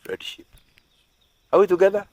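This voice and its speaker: A man's voice: sits high, moderate pace, a little mellow. A man preaching at a couples' retreat, earnest and repetitive, often asking the audience if they agree. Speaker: pastor.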